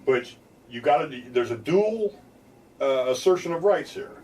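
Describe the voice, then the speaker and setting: Plain-spoken American lawyer explaining rights. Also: male voice, on the high side, lively intonation, a little slow, a little mellow, far from the mic, low-quality recording. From United States. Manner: plain-spoken, acts out police lines with a laugh. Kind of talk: explaining legal rights to viewers.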